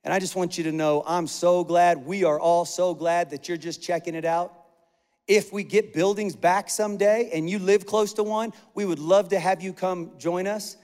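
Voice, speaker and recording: A man pastor delivering an energetic, conversational sermon, piling up repeated phrases for emphasis. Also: high-pitched, moderate pace. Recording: long hall reverb.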